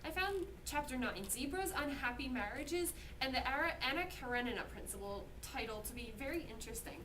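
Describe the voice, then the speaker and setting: Lively woman playing a mock interviewer. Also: high-pitched, brisk. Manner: mock-earnest, lively questioning. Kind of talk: improvised mock interview sketch. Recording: distant mic with background noise.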